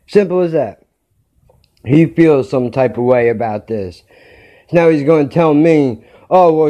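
A man's voice: medium pitch, dark tone, muffled recording. A man hosting his own podcast, telling a story in a heated rant and swearing constantly. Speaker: podcast host.

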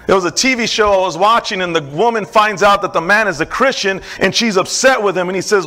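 A man's voice: high-pitched, moderate pace, pushed and bright. A middle-aged man preaching a sermon as pastor, with an emphatic, repetitive cadence and casual asides.

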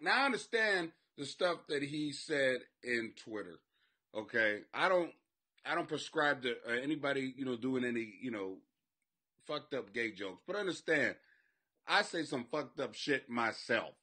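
Bright, forceful profane comic host. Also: male voice, a little high. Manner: rambling, profane, laughing at his own jokes. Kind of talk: loose profane comedy monologue. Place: home basement.

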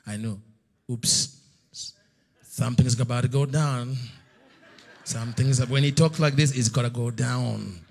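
A middle-aged male preacher telling a story in a sermon, swinging between loud slow outbursts and hushed near-whispers. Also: medium pitch. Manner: storytelling, acts out God's voice in loud slow bursts.

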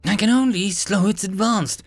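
A man's voice: high voice, moderate pace, vocal fry, faint music behind, pitched above the performer's own voice. A man voicing an arrogant, panicky male elf god in a storybook narration. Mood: frantic. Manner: sneering, commanding.

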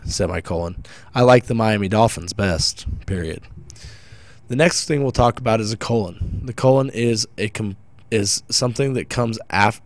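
A man with a fairly low voice walks through a grammar lesson in a plain, explanatory way. He stumbles and corrects himself now and then, with the odd filler. The sound is dry and close, with no room around it. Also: no echo. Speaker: teacher.

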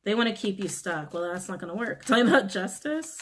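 A woman giving a casual tarot reading, blunt and frank, who curses freely, repeats key phrases and often clears her throat. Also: medium pitch, expressive, fairly quick. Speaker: tarot reader.

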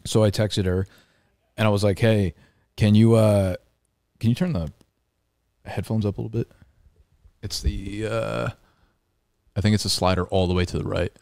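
Low-voiced young guy ranting casually. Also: steady tone, normal speed, creaky, pauses often, a little mellow, no echo, clean studio sound. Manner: rambling, swears freely, exasperated storytelling. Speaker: podcast co-host. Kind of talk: casual podcast chat. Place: apartment room. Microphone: studio mic.

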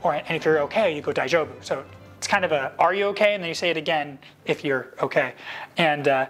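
A man in his thirties casually telling behind-the-scenes stories to camera, animated and acting out quoted lines in a higher voice. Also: quick pace, soft background music. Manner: animated, jumps up in pitch to act out quoted lines.

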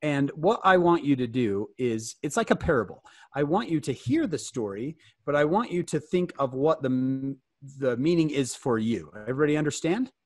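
An American man giving an interactive fireside talk, animated and joking, often asking his listeners questions. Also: a little high, normal speed, no room sound. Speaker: fireside speaker.

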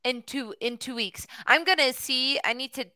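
A woman's voice: high voice, moderate pace, sharp tone, no room sound. A woman from the United States tutoring English in a casual conversation class, chatty and friendly, with lots of fillers.

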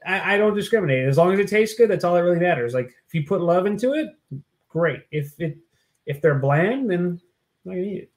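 A man's voice: high-pitched, animated, fast. Laid-back jokey man podcaster. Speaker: podcast co-host. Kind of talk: casual chat.

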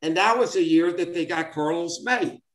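A man in his seventies, once a baseball player and now a guest, shares old sports anecdotes in a casual, meandering way, full of fillers and restarts. His voice sits on the high side with a fairly bright tone at normal speed, captured with a roomy echo.

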